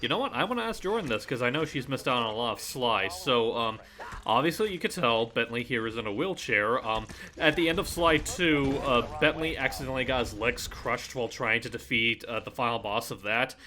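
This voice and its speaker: A man's voice: mid-range voice, expressive, a little fast, bright, forceful tone. A man co-commentating a game with friends, jokey and rambling as he explains things. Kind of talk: casual chat.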